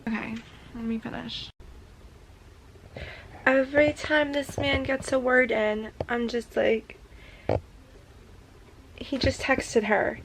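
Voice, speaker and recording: A woman's voice: fairly high pitch, steady tone, a little slow, pauses often, a bit bright, a little hiss or hum, low-quality recording. A young woman in a casual reading vlog, reacting emotionally as she goes and using "like" often, recorded in a room at home. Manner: emotional running reactions full of "like". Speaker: book vlogger.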